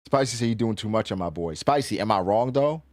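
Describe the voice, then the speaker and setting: A man on a casual reaction stream, talking to his chat with a lively voice that swings up and down. His delivery is slangy and exasperated, and it sounds close and dry with no room around it. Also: on the low side, fairly quick, no echo. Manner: animated, slangy, exasperated ranting. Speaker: streamer reacting to a comic chapter and reading chat.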